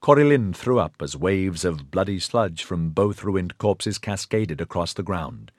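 A man reading a novel aloud as an audiobook narrator in a steady, measured way. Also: sits low, no echo, clean studio sound. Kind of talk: scripted narration of a sci-fi novel.

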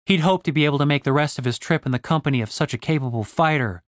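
A man reading a fantasy novel aloud in a steady storytelling voice. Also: on the high side, fast, no echo, clean studio sound. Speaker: audiobook narrator. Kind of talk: scripted fantasy narration.

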